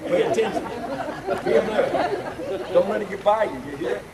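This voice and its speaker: A man playing a pompous old Southern senator with a Southern accent, booming and repeating himself. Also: normal speed, a loud crowd, natural voice. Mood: blustering. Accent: American Southern. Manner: booming, pompous, repeats "I say", laughs at own jokes. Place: front porch and lawn outdoors. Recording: distant camcorder mic, noisy outdoors.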